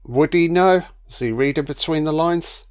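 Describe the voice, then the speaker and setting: A man's voice: a little high, moderate pace, clean tone. A man doing a casual, crude film commentary, swearing freely and mocking the characters.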